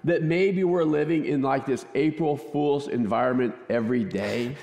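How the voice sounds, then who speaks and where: A man preaching a conversational, joking sermon in a church, chatty and quick to laugh. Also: medium pitch, creaky, darkish tone. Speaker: pastor. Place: church sanctuary. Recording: echoey church hall.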